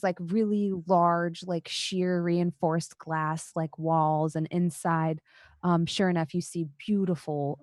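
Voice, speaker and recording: Low-voiced woman game master, dry sound. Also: darkish tone, dry recording. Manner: casual, descriptive, many fillers. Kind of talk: narrating a tabletop role-playing game. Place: home, online session.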